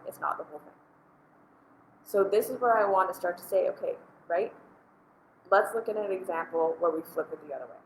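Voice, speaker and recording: Woman, host, earnest casual commentary, "like" fillers, somewhat low voice, echoey room. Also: a little hiss or hum. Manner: earnest, conversational, frequent "like" fillers.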